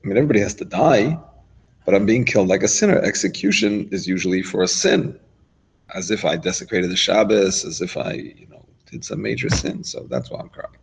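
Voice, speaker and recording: A man's voice: fairly low pitch, animated, a little fast, creaky, husky, poor audio. A man giving an informal Torah lesson, talking it through conversationally with asides and restarts. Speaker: rabbi teaching a class.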